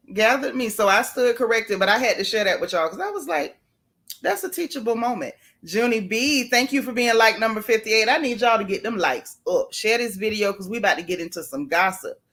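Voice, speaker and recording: A woman with a drawl runs a casual livestream, her voice sitting a bit on the high side. She talks to her audience like old friends and calls out viewers by name. Her asides are folksy and chatty. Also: a bit bright. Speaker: YouTube livestream host.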